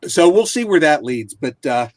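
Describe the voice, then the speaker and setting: A man's voice: a little high, very animated, moderate pace, a little mellow, no room sound. A man co-hosting a casual chat show, steadily guiding the talk from one segment to the next. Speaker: show co-host.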